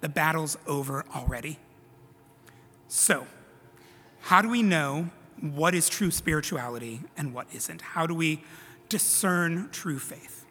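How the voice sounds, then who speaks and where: A man delivers a sermon to his congregation, slipping into conversational, self-deprecating asides. His voice sits a little high and sounds bright and forceful. Long reverb from the church sanctuary trails behind his words. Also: animated, a little slow, slightly rough. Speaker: preacher.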